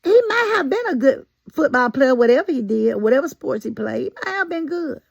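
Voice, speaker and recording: Woman ranting to her viewers, high voice, kinda gravelly, close and dry. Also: a little fast, dry recording, muffled recording. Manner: animated, folksy and sassy, talks straight at viewers. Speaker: commentary vlogger. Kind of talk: casual opinion commentary.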